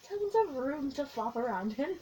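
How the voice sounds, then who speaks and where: A young woman vlogging, telling a long, excitable story in a casual, rambling way with lots of giggles. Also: high-pitched, unhurried, rough recording. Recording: faint background noise.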